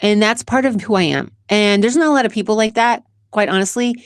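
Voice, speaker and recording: A woman's voice: medium pitch, fairly quick, no room sound, studio quality. Earnest, emotional woman talking candidly. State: tearful at times. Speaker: podcast host. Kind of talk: casual personal monologue.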